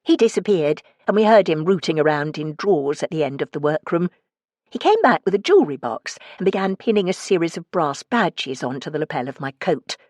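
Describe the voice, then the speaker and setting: A woman narrating a cozy mystery audiobook in the first person, wry and expressive, recorded close in a studio. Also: low voice, fairly quick, dry recording.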